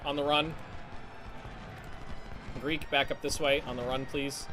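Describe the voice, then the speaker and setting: A man giving live commentary on a strategy game, talking in halting restarts with casual swearing and barking quick orders to his units. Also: mid-range voice, flat delivery, music in the background. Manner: barks quick orders to units, voice jumps up when alarmed. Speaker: streamer.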